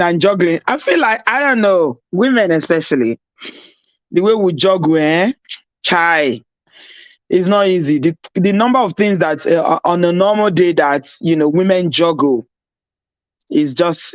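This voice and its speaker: A woman with a Nigerian accent hosts a casual live stream without her usual mic. She chats with viewers, laughs often and drops into Pidgin, and her voice sounds husky. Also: low voice, no room sound. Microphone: no proper mic, device mic.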